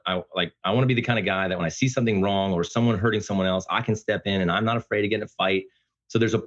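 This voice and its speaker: A man speaking as a podcast guest, talking about fatherhood in an earnest, emphatic, loud-voiced way. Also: low voice, highs cut off. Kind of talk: casual interview conversation.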